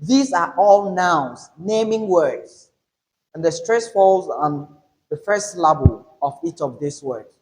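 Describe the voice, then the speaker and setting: A man delivers a pronunciation lesson as an English teacher, in a fairly high voice. He speaks slowly and deliberately, stressing each example word as he explains. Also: expressive, rough recording. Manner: slow, deliberate explanation with emphasized example words.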